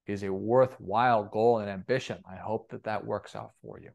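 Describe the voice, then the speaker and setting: Polite woman traveler, curious, gentle, courteous questions, voiced by a man, spoken parable. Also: lowish voice, steady tone, normal speed, vocal fry.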